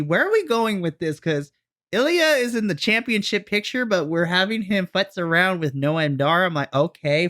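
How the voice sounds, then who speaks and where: A man talks fast and animated on a casual podcast, acting out the quoted reactions as he recaps the show. His voice sits a bit high and sounds bright and forward. The recording is dry and close, with no room sound. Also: no room sound. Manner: excitable, animated storytelling with quoted asides. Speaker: podcast co-host. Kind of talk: casual wrestling recap chat.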